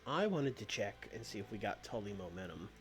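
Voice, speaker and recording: A man's voice: fairly low pitch, big pitch swings, brisk. A man streaming a game with casual commentary, making wry, muttered asides and laughing often. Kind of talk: casual let's-play commentary.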